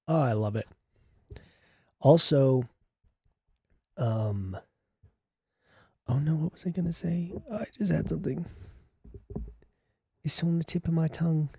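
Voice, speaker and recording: A man's voice: a little high, a little mellow, dry recording, clean studio sound. A young man hosting a casual livestream, chatty and joking as he reads the chat aloud. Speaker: livestream host.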